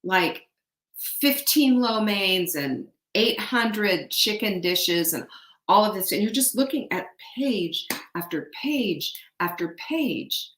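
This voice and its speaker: A woman's voice: medium pitch, a bit bright. A middle-aged woman hosting a motivational talk, chatty and often putting questions to her audience. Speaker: host. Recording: echoey room.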